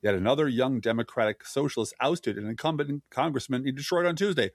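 A man's voice: mid-range voice, quick pace, hardly any pauses, no echo, clean studio sound. A man co-hosting a casual political podcast, reading news quotes aloud with sarcastic asides. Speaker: podcast co-host.

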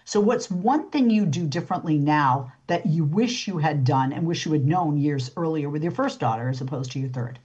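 Brief: middle-aged woman host with a low voice, chatty and loose, full of fillers. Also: normal speed, hardly any pauses, darkish tone, slightly rough, muffled recording. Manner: chatty, frequent fillers and restarts. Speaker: radio talk show host. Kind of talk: interview talk show.

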